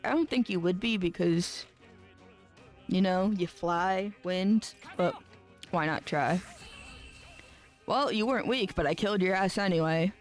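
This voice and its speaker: Streamer, casual let's-play commentary, mutters and swears offhand, soft game music behind. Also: medium pitch, a little slow, pauses often.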